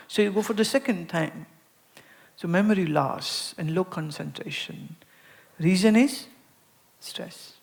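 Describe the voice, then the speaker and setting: Woman, spiritual teacher, public talk, mid pitch, animated storytelling, repeats words for emphasis. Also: unhurried. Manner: animated storytelling, acting out everyday dialogues.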